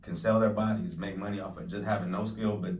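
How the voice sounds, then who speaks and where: A man in a casual group debate, assertive and argumentative, slowing down to press his points. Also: low-pitched, steady tone, darkish tone. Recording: echoey room, mic at a distance.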